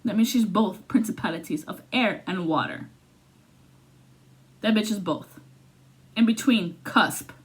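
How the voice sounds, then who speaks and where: A woman giving a casual, profane tarot reading, swinging between loud outbursts and low muttering. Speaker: tarot reader.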